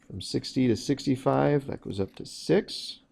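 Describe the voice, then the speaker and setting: Unhurried and creaky, with a darkish tone at medium pitch, this man's voice guides a recorded math lesson. He explains each step plainly, with fillers here and there.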